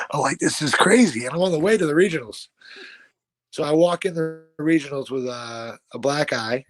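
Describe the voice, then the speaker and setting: Animated young man telling wild stories. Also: mid-range voice. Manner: animated, swearing, acts out quoted voices. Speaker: guest fighter. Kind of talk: casual storytelling.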